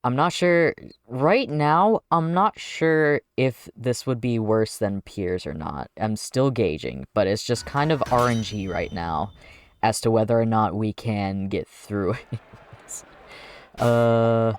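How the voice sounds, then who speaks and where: A man streams a video game, chatting casually and giggling while he thinks through his plans aloud, often restarting his sentences. His fairly low voice is animated but slow-paced, with slight background noise behind it.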